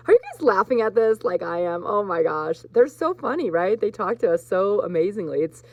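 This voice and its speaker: A woman hosting a live spiritual card reading, talking gently to her viewers and getting emotional at times. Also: medium pitch, lively intonation, a little fast, no echo. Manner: warm, emotional, choked up with laughter at times. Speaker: host.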